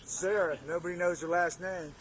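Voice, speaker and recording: Agitated neighbor, male, high voice, rambling retelling, bodycam audio. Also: fairly even intonation, moderate pace, noisy background. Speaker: neighbor and witness.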